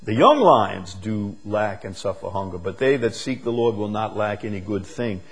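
A man preaching a sermon, drawing words out slowly and swinging from loud emphasis to hushed, quiet lines. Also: on the low side, animated, husky, low-quality recording. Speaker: pastor.

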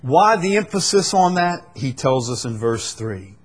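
A pastor's sing-song, somewhat slow sermon fills the church as he alternates between loud, emphatic climaxes and low, subdued passages. He puts rhetorical questions to those listening.

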